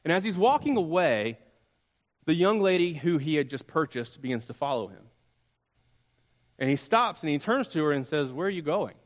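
Guy preaching a sermon, tells it slow with soft quiet drops, big echoey church sound. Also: on the high side, very animated. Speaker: pastor. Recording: long hall reverb.

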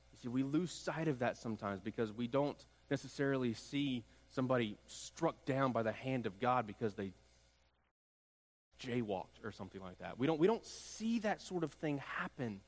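A man's voice: mid-range voice, animated, moderate pace, pauses often. A man preaching a sermon as pastor, building emphasis through repeated phrases. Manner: preaching with rising emphatic repetition. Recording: long hall reverb.

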